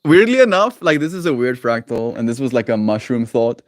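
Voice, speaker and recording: This time his voice sits at medium pitch, a little fast and a little mellow, with no room sound. The Canadian host chats lovingly and playfully with his daily livestream audience, giggling, rambling, and inventing silly words.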